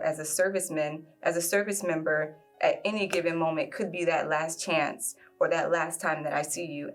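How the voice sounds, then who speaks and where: A woman in her forties telling a personal love story in a reflective way, often pausing with "um". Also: low-pitched. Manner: reflective, fills pauses with "um". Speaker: guest sharing a love story.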